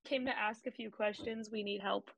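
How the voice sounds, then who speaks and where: A woman's voice: medium pitch, fairly even intonation, moderate pace, creaky, fairly bright tone, low-quality recording. A woman playing in a tabletop game, blunt, crude and joking. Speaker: player.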